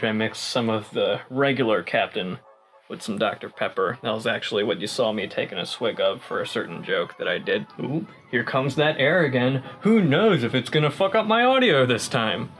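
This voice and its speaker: A man's voice: mid-range voice, fairly bright tone, low-quality recording. A young man vlogging in a tipsy, rambling way, joking and swearing freely while he chats to his viewers. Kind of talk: casual rambling vlog.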